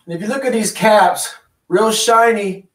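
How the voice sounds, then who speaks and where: A man's voice: high-pitched, measured pace, a bit bright, echoey room. A man hosting a casual online chat, ranting with constant swearing, out of breath and sick. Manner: profane, ranting. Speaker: host.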